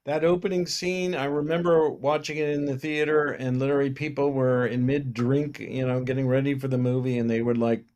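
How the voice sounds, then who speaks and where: A man's voice: medium pitch, fairly quick, few pauses. A man, a film producer, telling anecdotes in a casual interview and acting out the lines of the people in his stories. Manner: animated anecdote teller who acts out other people's lines.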